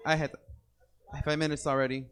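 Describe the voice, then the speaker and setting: A man's voice: fairly high pitch, flat delivery, a little fast, fairly bright tone, smooth. Laid-back Bay man hosting a poetry slam. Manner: loose, rambling, joking, hypes the crowd. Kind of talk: casual emcee banter to a live crowd. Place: indoor poetry venue with audience.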